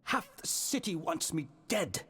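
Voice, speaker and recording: An actor playing a troubled judge who speaks in an anguished, pleading way. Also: male voice, high-pitched, big pitch swings, unhurried, a bit bright, husky, heavily acted. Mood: desperate. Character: troubled male judge, weary and desperate.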